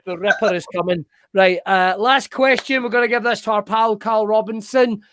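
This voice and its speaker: A man's voice: high-pitched, fairly even intonation, moderate pace, a bit bright, a little hiss or hum. Sweary man hosting. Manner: banterous, sweary, teasing. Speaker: host. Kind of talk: casual chat, Q&A.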